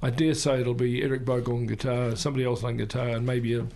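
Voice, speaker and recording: Un homme avec un accent néo-zélandais, animateur d'une radio locale, qui bavarde de façon décousue avec beaucoup d'hésitations. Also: male voice, medium pitch, level tone, fast, creaky, a little mellow, a little hiss or hum. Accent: New Zealand. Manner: rambling, full of ums. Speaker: community radio host. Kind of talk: casual radio chat.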